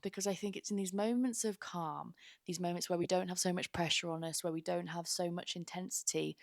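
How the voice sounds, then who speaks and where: Young woman, podcast host; earnest, rambling delivery, low fry-edged voice, recorded dry. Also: dry recording. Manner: earnest, rambling with many fillers. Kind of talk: casual heartfelt podcast monologue.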